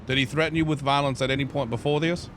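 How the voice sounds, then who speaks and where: A man's voice: mid-range voice, steady tone, fast, fairly bright tone, slight background noise. A man in a roleplay, questioning his client in a methodical way with legal jargon. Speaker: lawyer character in roleplay.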